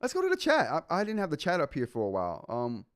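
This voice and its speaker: A man's voice: on the high side, wildly swooping pitch, quick pace, clean tone, dry recording, studio quality. A man hosting a live tech show in a casual way, reading update notes aloud and reacting to the chat.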